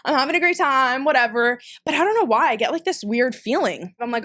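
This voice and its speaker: A young woman from Peru, a podcast guest, telling a story in casual chat, animated and swearing freely as she acts out what she said back then. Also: fairly high pitch, a little fast, few pauses. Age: young adult. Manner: animated, swears freely, acts out her own past lines.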